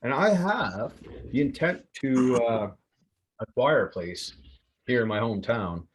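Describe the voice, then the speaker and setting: A man hosting a podcast, telling a rambling story in casual chat with heavy swearing and lots of excitement. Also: mid-range voice, a little slow, husky. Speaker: podcast host. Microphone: remote call setup.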